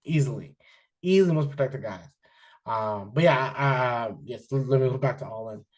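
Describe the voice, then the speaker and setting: A man's voice: mid-range voice, moderate pace. Rambling man reviewing wrestling. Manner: rambling, frequent fillers and restarts, animated when excited. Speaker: wrestling podcast host. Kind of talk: casual chat, reviewing wrestling.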